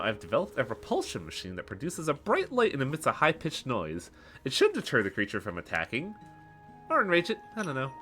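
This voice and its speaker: A man's voice: medium pitch, sharp tone. A man reading out a game researcher's lines aloud, matter-of-fact and explanatory.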